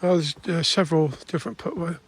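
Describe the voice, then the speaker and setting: Older male vlogger, chatty walking commentary, slightly high voice, faint outdoor hiss. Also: quick pace. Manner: chatty, rambling with restarts. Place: outdoors in countryside.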